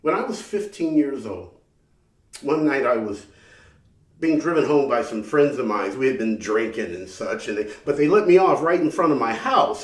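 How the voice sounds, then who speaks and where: A man's voice: on the high side, lively intonation. A man performing a solo theatrical story, telling it dramatically and often repeating words as he goes. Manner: dramatic, halting repetitions. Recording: roomy sound from a distant mic.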